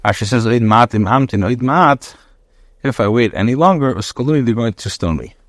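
A man's voice: medium pitch, lively intonation, brisk, a bit bright, dry recording, clean studio sound. A man teaching a daily Bible lesson, reading Hebrew verses with Ashkenazi pronunciation and translating each phrase in short bursts. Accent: Hebrew in traditional Ashkenazi pronunciation. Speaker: rabbi teaching Torah with commentary.

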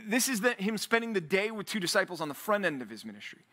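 A male pastor preaches a sermon to a men's Bible study in a high voice, talking fast. He's energetic and animated, acting out biblical quotes and building to near shouts when urging his listeners.

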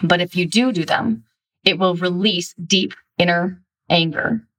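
A woman giving blunt, emphatic self-help coaching in a somewhat low voice. She sits back a bit from the microphone, so her voice sounds slightly distant. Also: a little slow, a bit bright. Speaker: relationship coach. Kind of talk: instructional self-help talk.

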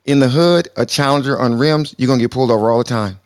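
A man's voice: mid-range voice, quick pace, a little mellow. A man moderating a live chat room, casual and streetwise, joking and calling people brother. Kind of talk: casual slangy banter.

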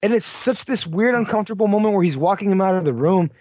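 A man's voice: sits high, animated, fast, darkish tone, dry recording, dull audio. A man co-hosting a casual movie podcast, talking bluntly with lots of swearing and "like.". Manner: blunt, profane, heavy use of "like". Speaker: podcast co-host.

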